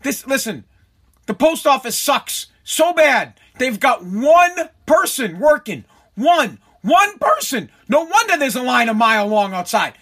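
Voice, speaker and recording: A man's voice: extremely high pitch, a bit bright, husky. A man hosting a casual solo podcast from his home basement, ranting animatedly, swearing and laughing at himself. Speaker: podcast host.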